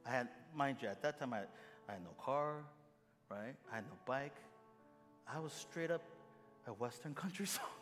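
A middle-aged pastor delivers his sermon as a story, performing the dialogue and poking fun at himself. His voice is medium in pitch, slightly bright, at a normal speed with long pauses. A long hall reverb and faint music fill the recording.

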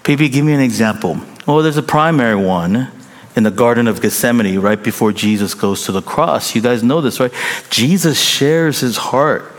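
A man preaches a sermon with animated, humorous delivery, often slipping into the voices of the people he quotes. His voice sits at a middling pitch. The sound carries a long reverb from a large church hall. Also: normal speed. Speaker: pastor.

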